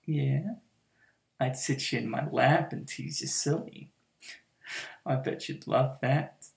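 A woman playing a gravelly teasing domineering girlfriend. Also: roomy sound, full character voice. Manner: teasing, purring, drops into soft whispers, frequent low laughs. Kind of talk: adult audio role-play.

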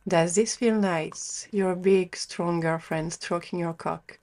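A young woman with a somewhat low voice performs an adult audio role-play as the listener's girlfriend. She speaks unhurriedly and softly, in a doting, affectionate way. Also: steady tone, takes it slowly.

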